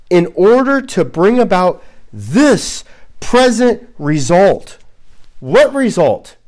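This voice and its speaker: A man preaching an expository sermon as a pastor, halting and repeating words as he works through his points, and posing rhetorical questions. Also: high-pitched, a little mellow. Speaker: pastor teaching a Bible series.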